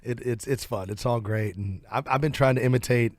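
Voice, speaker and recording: A man's voice: medium pitch, brisk, no echo. Southern US man, country singer guest, loose rambling chat, dry close studio sound. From southern United States. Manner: relaxed, rambling, laughs easily. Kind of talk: casual interview chat. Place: radio studio.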